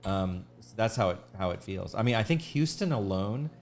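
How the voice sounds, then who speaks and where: A man's voice: lowish voice, expressive, normal speed, a little mellow, a little hiss or hum. A man hosting an art livestream, chatting in a rambling way, restarting his sentences and thanking viewers. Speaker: livestream artist host. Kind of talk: casual livestream chat.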